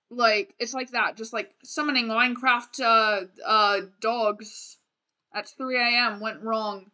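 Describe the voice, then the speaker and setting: Bright chatty young woman streamer. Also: on the high side, fairly even intonation, measured pace. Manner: chatty, rambling, restarts and fillers, playful. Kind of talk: casual gameplay commentary.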